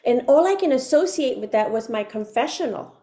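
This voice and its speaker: Woman, guest testimony, animated storyteller, slightly high voice, acts out inner voices. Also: a little fast. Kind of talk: emotional storytelling.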